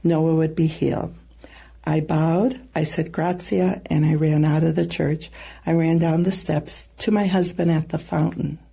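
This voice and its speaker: Earnest female storyteller with a low, dark, mellow voice; halting delivery. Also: steady tone, vocal fry, breathy edge. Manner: earnest, halting retelling with soft asides. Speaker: guest sharing a testimony. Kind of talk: personal storytelling.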